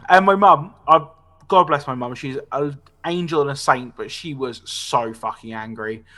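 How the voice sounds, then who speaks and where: A man's voice: mid-range voice, moderate pace. A man in his late twenties, a podcast host, telling sweary anecdotes in a casual chat and often tagging "right?" onto his sentences. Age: 20s. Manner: animated, sweary anecdote telling with frequent "right?" tag questions.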